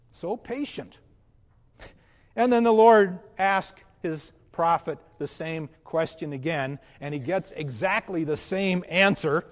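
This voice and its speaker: A male pastor with a fairly high voice delivers an earnest sermon, rising to loud emphasis and then dropping to a hush. His words ring out with the long reverb of a big church hall. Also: lively intonation, unhurried. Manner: earnest, swings between loud emphasis and hushed soft passages.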